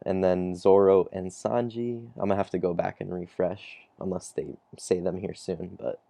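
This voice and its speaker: Man, low mellow voice, dry close sound; casual recap reader who chuckles and trails off. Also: flat delivery, moderate pace, vocal fry, no room sound. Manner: chuckles often, trails off mid-sentence. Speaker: comic chapter reviewer. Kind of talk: casual recap reading dialogue aloud.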